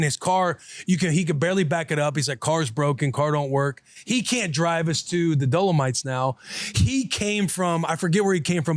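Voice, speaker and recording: In his thirties, this podcast host animatedly tells a story in casual chat, acting out the people in it and quoting their dialogue with profanity. His voice is fairly high. It's studio quality with no echo.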